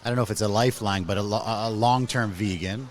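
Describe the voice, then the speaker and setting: A man's voice: fairly low pitch, steady tone, fast talker. A man hosting a podcast interview, easygoing and chatty, filling gaps with "okay" and "cool". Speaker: podcast host. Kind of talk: casual interview.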